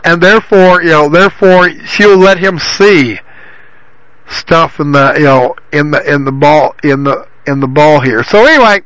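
Male host, rambly talker and storyteller, high bright voice, dry studio sound. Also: normal speed, dry recording, rough recording. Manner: rambling, repeating himself. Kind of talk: casual talk and comic reading.

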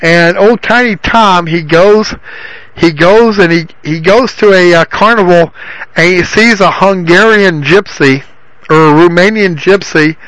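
Rambling high-voiced male host. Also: unhurried, fairly bright tone, no echo, low-quality recording. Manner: rambling, repeating himself. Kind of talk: casual talk and comic reading.

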